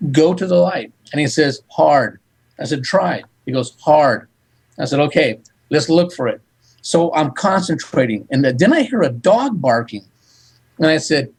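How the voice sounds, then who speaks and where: Man telling a story, slightly high voice. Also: husky, rough recording. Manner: animated, recounts dialogue in quick back-and-forth. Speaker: psychic medium guest. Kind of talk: storytelling in a radio interview.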